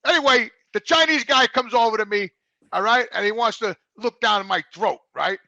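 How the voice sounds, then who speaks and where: Excitable New man, high bright voice, rapid storyteller, swears freely. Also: no room sound, lo-fi sound. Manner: excitable storyteller, swears a lot, repeats words. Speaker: regular co-host. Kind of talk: casual chat, storytelling. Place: studio.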